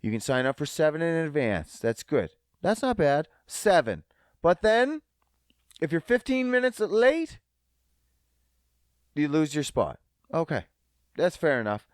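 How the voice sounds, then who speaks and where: Profane, animated man ranting solo. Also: a little high, a little slow, long pauses, dry recording, clean studio sound. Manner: profane, rambling, self-mocking. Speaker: podcast host. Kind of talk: solo comedic podcast rant.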